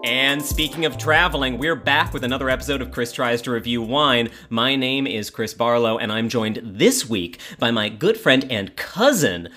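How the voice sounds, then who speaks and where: A man's voice: medium pitch, lively intonation, moderate pace, hardly any pauses, pushed and bright, faint music behind. A man hosting a comedic wine podcast, joking and self-deprecating as he banters with his guest. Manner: jokey, playful, self-deprecating. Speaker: podcast host. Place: podcast studio.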